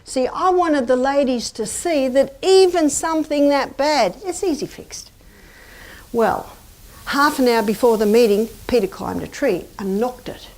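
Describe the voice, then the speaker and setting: A woman's voice: sits high, measured pace, a little mellow. A middle-aged woman giving a chatty, anecdotal health lecture to a live audience and asking them questions. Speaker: health presenter.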